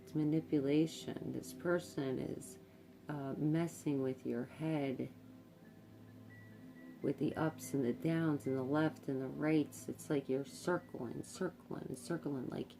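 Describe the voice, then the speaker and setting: A woman's voice: deep voice, fairly even intonation, slow pace, vocal fry, over music. A woman giving a tarot reading, speaking hesitantly with many fillers and repeated words. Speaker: tarot card reader. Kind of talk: intuitive tarot reading to camera.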